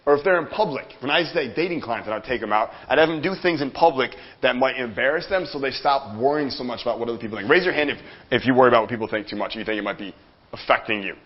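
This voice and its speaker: A man giving a live motivational seminar talk, energetic and profane, speaking straight to the audience in the room. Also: mid-range voice, quick pace. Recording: dull lo-fi sound.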